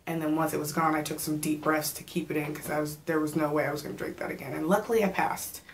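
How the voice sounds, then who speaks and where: A pregnant woman in her thirties chatting casually in a vlog, telling stories with animated quoted asides and sometimes getting out of breath. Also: low voice, quick pace, slight background noise. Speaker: vlogger.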